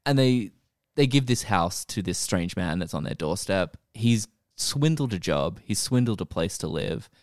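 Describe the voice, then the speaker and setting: A man's voice: deep voice, lively intonation, measured pace, dry recording, studio quality. A man co-hosting a podcast, rambling through a jokey retelling of a show with frequent restarts. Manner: rambling, joking storyteller who restarts often. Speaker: podcast co-host. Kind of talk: casual chat recapping a show.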